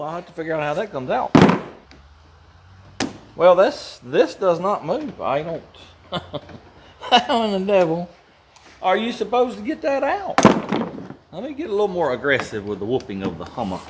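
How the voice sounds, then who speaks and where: Folksy garage host, fairly high and lively voice, chuckles as he tinkers. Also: heavy background noise. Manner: folksy, chuckling, grumbles about engineers. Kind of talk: casual workshop narration.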